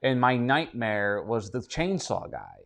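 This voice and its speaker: Bright, lively joking man. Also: mid-range voice, measured pace, gravelly. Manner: joking, crude humor. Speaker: podcast co-host. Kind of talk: casual chat.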